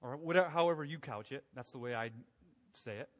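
A man's voice: fairly high pitch, expressive, fairly quick, fairly bright tone. A man preaching a conversational sermon, often asking his listeners questions as he works through scripture. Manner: conversational, asks the congregation questions. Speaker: pastor. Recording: long hall reverb.

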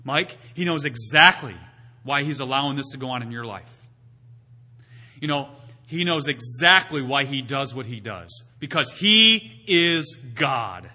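Male preacher, bright, tense tone, emphatic, asks rhetorical questions. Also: medium pitch, normal speed. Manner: builds to loud emphatic peaks, then drops to quiet teaching. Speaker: pastor. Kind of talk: sermon.

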